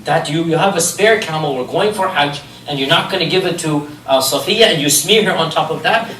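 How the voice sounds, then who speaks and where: Animated male lecturer in an echoey room. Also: medium pitch, a little hiss or hum. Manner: animated storytelling with rhetorical questions. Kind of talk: religious history lecture. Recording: echoey room, distant mic, faint ambience.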